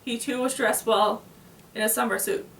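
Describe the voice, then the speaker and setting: A woman with a fairly high voice reads a novel aloud, steady and unhurried, now and then tripping and restarting a word. She sits some way from the mic in an echoey room. A faint hiss runs underneath. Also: gravelly, distant mic. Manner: plain, steady read-aloud with small slips and restarts. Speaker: reader.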